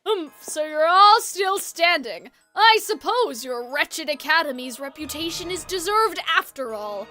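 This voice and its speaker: A woman's voice: sits high, lively intonation, unhurried, few pauses, bright, forceful tone, soft background music, pitched below the performer's own voice, exaggerated voice. A woman voicing a sinister, haughty young male villain who speaks in a theatrical, sneering way. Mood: scornful villainous.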